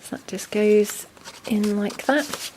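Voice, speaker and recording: A woman casually walking through a handmade junk journal, chatty and relaxed with frequent ums. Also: mid-range voice, slow, noisy background. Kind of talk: casual show-and-tell narration.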